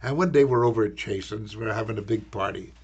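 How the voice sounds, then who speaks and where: An older man, an actor, recalling a film shoot in a rambling, halting interview anecdote, repeating words as he goes. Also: lowish voice, a little mellow, slightly rough, highs cut off.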